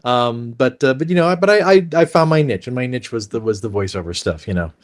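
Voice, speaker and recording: A man's voice: medium pitch, lively intonation, fast talker. A man who works as a voice actor, telling stories in a casual, rambling way and acting out the people he quotes. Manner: rambling with many restarts and fillers. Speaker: voice actor guest. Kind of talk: casual storytelling.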